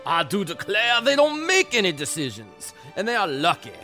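A man's voice: high voice, wildly swooping pitch, pushed and bright, faint music behind, pitched above the performer's own voice, exaggerated voice. A man putting on a pompous drawling old tennis boss. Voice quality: pompous, drawn-out, declaiming.

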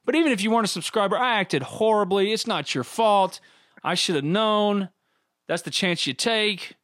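Animated man telling stories. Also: high-pitched, normal speed, no echo, studio quality. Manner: animated storyteller, laughs often. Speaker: podcast co-host. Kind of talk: casual sports talk.

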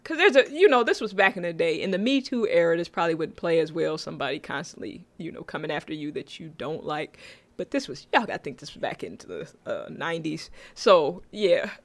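A woman co-hosts a relaxed chat about a sitcom episode. She retells the scenes with drama, breaking into laughter often. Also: lowish voice, fairly quick. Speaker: podcast co-host. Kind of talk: casual chat reviewing a sitcom.

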